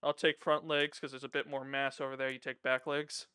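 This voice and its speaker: A man's voice: medium pitch, level tone, a little fast, sharp tone, clear, resonant tone. A man playing in a tabletop role-playing game, casually narrating what his character does and swearing freely. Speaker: player.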